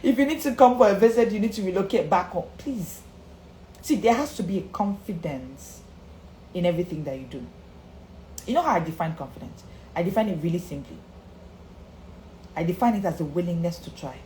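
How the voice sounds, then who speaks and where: A woman coach speaks straight to her live viewers in an emphatic motivational talk, with pitch that rises and falls a lot. She repeats key lines for emphasis and greets viewers by name. The room sounds echoey, with a faint hum behind her. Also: lively intonation, a little fast, long pauses, dark tone. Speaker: confidence coach.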